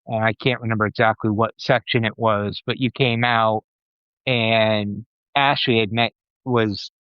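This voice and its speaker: A man's voice: lowish voice, steady tone, measured pace, smooth, no echo. A man co-hosting a podcast, chatting in a rambling way full of "you know" fillers. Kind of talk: casual chat. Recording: dull, dry lo-fi podcast audio.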